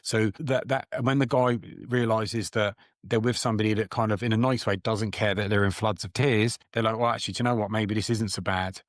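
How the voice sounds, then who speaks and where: A man's voice: lowish voice, fairly even intonation, a little fast, few pauses, no room sound, studio quality. Blunt man host who stammers. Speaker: host, therapist. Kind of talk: casual interview chat.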